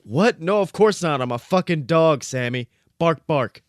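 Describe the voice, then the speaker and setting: A man's voice: a little high, expressive, a little slow, no echo, studio quality, pitched above the performer's own voice. A man voicing a small, hotheaded, foul-mouthed male corgi who barks between words. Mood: indignant.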